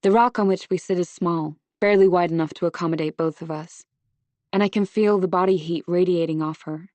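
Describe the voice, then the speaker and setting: Woman narrator, lowish voice, first-person suspense, measured, dry studio sound. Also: steady tone, a little mellow, dry recording, dull audio. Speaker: audiobook narrator.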